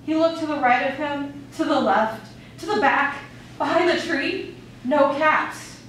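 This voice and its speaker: Playful woman storyteller, high voice; distant mic, noisy room. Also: measured pace, a bit bright. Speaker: student storyteller. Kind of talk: reading a children's story aloud in class. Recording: echoey room, far mic, background noise.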